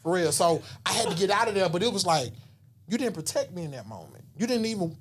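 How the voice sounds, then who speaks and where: Animated storytelling man. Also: sits high, fast talker, slightly rough. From Southern US. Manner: animated, slangy, acts out voices and whispers. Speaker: podcast guest. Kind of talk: casual storytelling.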